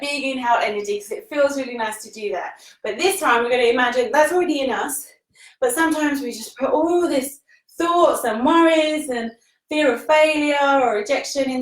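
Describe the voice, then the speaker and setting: A woman's voice: sits high, brisk. A woman leading a live-streamed yoga class, cueing breaths and poses in an encouraging, casual way while exercising and a little out of breath. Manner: encouraging, laughs often, casual British phrasing. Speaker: yoga teacher. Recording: echoey room, voice from the mic's distance.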